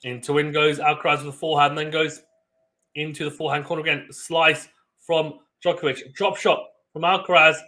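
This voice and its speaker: A young man hosting a live tennis watchalong, giving excitable play-by-play with sudden bursts of loud surprise and chatting with viewers. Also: fairly high pitch, a little fast. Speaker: watchalong host.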